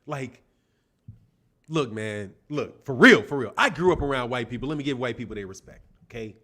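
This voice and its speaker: A man's voice: medium pitch, animated, normal speed, pushed and bright. A man hosting a boxing live stream, rambling and profane in casual chat. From Chicago. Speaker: boxing show host.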